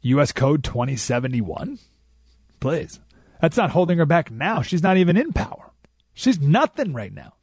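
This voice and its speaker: A man hosting a political talk radio show, emphatic and animated, repeating points for effect, in a studio. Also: on the high side, normal speed, breathy edge, dry recording. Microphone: studio microphone.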